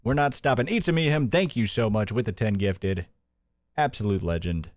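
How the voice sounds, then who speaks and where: A man hosting a news commentary stream, energetic and joking, often laughing at what he covers. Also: lowish voice, normal speed, no room sound, clean studio sound. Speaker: host.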